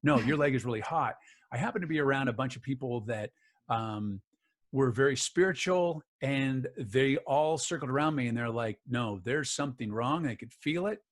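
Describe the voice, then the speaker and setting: A man's voice: medium pitch, moderate pace. A middle-aged man telling a personal story in an interview, acting out the other people's lines as he goes. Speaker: guest, author and voice actor.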